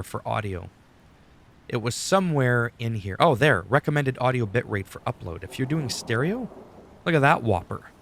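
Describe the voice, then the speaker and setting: A YouTuber sits at his home desk explaining recording settings into a studio dynamic microphone, giving a rambling, profane, conversational screen-recorded tutorial. His voice is medium-pitched with a fairly bright tone, and there's slight background noise.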